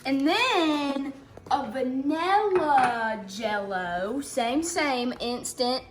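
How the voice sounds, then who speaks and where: A woman's voice: high voice, lively intonation. A woman helping with a casual home cooking video, playful and jokey as she explains each step. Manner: playful, jokey, slow-spoken. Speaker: cooking helper. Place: home kitchen.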